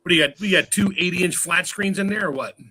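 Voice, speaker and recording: Joking male guest chef, husky and bright in tone. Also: high-pitched, fast, dry recording, low-quality recording. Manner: joking, laughs along. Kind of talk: casual livestream chat.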